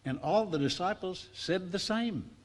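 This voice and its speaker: Guy preaching to a class, storyteller type, voice all over the place pitch-wise. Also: measured pace. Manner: lively storytelling preacher, acts out voices in quotes. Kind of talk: sermon to a class.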